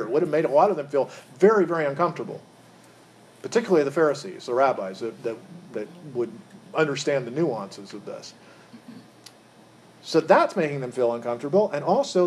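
Questioning Bible teacher, slightly high voice. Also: male voice, a little mellow, slight background noise. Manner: quizzes the group, repeats words when rephrasing. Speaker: Bible study leader.

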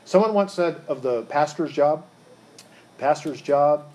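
Male Bible teacher, slightly raised pitch, asks the group questions and circles back over his words. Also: measured pace, a little mellow. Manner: quizzes the group, repeats words when rephrasing. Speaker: Bible study leader.

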